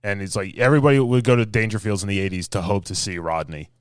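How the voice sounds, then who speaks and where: Lowish guy from long island hosting a podcast, dry close sound, acts out his stories. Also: fast talker, no room sound. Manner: animated storyteller, acts out quotes. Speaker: podcast host. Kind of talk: casual chat.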